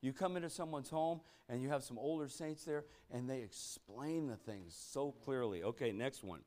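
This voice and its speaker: A man's voice: mid-range voice, moderate pace, warm tone. Emphatic man leading a Bible study. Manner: emphatic, keeps asking "you know what?", exclamatory bursts. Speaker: church meeting leader. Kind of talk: interactive Bible study preaching.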